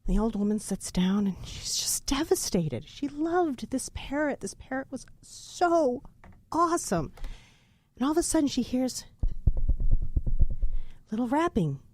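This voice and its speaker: A middle-aged woman co-hosting a casual podcast, telling a long joke in an animated way. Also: high voice, measured pace, pauses often, a little hiss or hum. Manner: animated storyteller. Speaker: podcast co-host.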